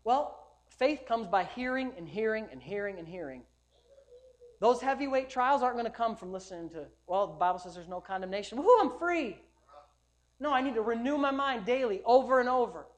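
A male pastor preaching a sermon at a church service, emphatic and repetitive, building up to loud declarations. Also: very high voice.

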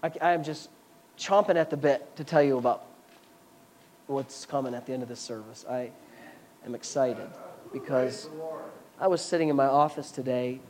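A man's voice: mid-range voice, normal speed, long pauses, darkish tone, a little hiss or hum. Pastor, male, fervent sermon delivery with conversational asides while teaching scripture. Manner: fervent preaching with scripture reading; explanatory, chatty asides.

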